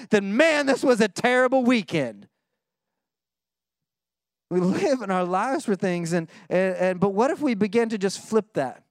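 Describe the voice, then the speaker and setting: A high, clear male voice preaching a sermon with easy, conversational warmth. He slips into hushed, earnest tones for the scripture lines. The sound is close and dry. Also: no echo. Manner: conversational, dips quiet and intense when reading scripture; playful mock voices in asides. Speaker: pastor.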